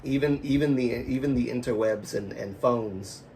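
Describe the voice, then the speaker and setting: This man's medium-pitched voice has a dark tone and a moderate pace, captured by a distant mic with a little hiss or hum. Hailing from the American South and Baltimore, he hosts a casual livestream, rambling, self-correcting, laughing at his own remarks, and fighting a lingering cough.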